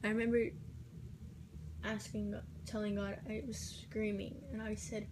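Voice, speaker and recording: A teenage girl telling a personal story in a vlog, halting and hesitant, dropping at times into soft whispers. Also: medium pitch, flat delivery, background noise. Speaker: vlogger.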